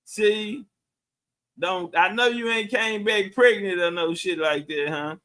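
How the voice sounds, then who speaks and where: Talking slowly in a high, strained, bright voice, a middle-aged livestreamer chats casually with his audience. He curses freely and responds to the comments viewers leave.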